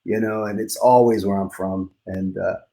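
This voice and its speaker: A man's voice: lowish voice, fairly even intonation, normal speed, warm tone. A middle-aged man from Queens with a faded New York accent, a guest musician chatting casually and telling stories with frequent laughs. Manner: chatty storyteller, laughs often. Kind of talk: casual conversation.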